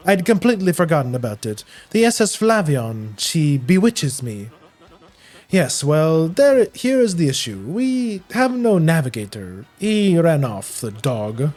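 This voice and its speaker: A grandiose, vain merchant adventurer with a put-on Spanish accent, voiced by a man. He swoops up and down in a fairly high, lively voice, boasting dramatically. Faint music plays behind. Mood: boastful. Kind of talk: reading a game's dialogue aloud in character.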